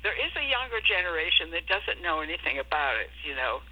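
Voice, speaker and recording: A woman's voice: fairly low pitch, sing-song, fast talker. An older woman from Minnesota, a retired guest chatting by phone and reminiscing fondly. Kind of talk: phone interview. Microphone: telephone. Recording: lo-fi phone line.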